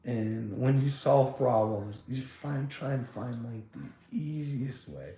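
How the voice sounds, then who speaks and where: A man's voice: mid-range voice, lively intonation, takes it slowly, mellow, roomy sound. A man talking casually in a rambling, profane rant, with frequent laughter and many fillers. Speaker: podcast host.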